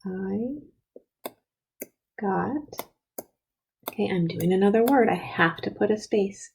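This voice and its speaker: Patient woman teacher, husky and gravelly, slowly sounds out words for young kids. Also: mid-range voice, dark tone, poor audio. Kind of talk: early-grade spelling and writing lesson.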